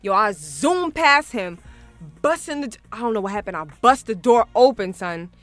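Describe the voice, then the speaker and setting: A woman's voice: medium pitch, lively intonation, normal speed, a bit bright, soft background music. A woman hosting a radio show, telling a story in casual chat, laughing often and acting out both sides.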